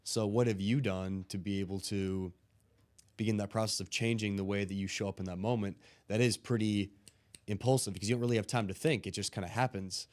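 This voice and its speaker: Man, guest, life coach, casual podcast talk, lowish pitch, animated, swears. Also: brisk. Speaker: guest, life coach and former football player. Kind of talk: casual conversation.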